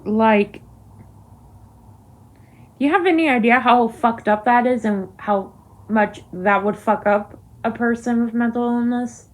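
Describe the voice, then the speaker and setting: A woman's voice: fairly high pitch, a little slow, long pauses. A young woman ranting heatedly to camera in a vlog, emphatic and swearing often. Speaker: vlogger. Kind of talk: angry to-camera vlog rant.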